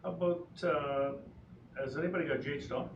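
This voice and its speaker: A man's voice: a little high, fairly even intonation, a little fast. A man, a school board trustee, speaking hesitantly and easygoing in a meeting. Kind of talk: casual meeting talk. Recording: dull, echoey, far mic, noisy.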